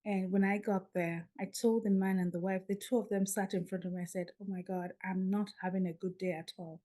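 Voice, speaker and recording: Animated woman telling a story. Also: medium pitch, a little fast. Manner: animated, acts out dialogue. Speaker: podcast guest. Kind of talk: storytelling in an interview.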